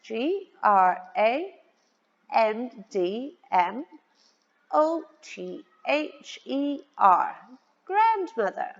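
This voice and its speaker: A woman teaching small children, her slightly high voice rising and falling in a sing-song way. She takes her time and spells words out letter by letter. The recording is dull and lo-fi, with a long reverb trailing behind her. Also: sing-song, very slow. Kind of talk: children's vocabulary lesson.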